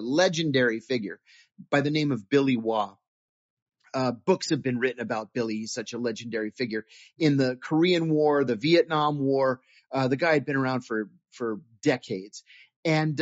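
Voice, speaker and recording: A former intelligence officer telling stories in an interview, earnest and animated, often restarting his sentences. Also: on the high side, no echo. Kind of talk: interview storytelling. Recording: dull dry lo-fi audio.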